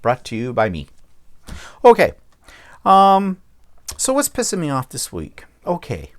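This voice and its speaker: A man's voice: mid-range voice, sing-song, a little slow, pauses often. A man hosting his own vlog, ranting bluntly and checking in with the viewer as he goes. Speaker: vlog host. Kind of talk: casual vlog rant.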